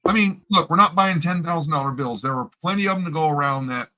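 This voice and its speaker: Male co-host, slightly high bright voice, joking and chatty. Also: poor audio. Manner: joking, chatty, drawn-out asides. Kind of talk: casual chat about coin collecting.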